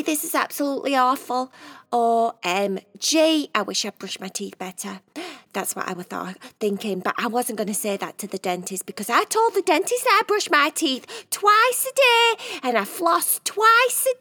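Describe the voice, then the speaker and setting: A woman's voice: high voice, sing-song, normal speed, bright, forceful tone, exaggerated voice. A woman voicing a dramatic, exaggerating female cat in a children's bedtime story. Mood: complaining.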